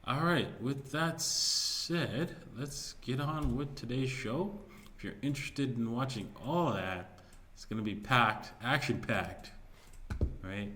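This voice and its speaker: A crypto video host speaks slowly in a medium-pitched, bright and forceful voice. He talks loosely through market news on his own video, with many fillers and restarts in this casual commentary.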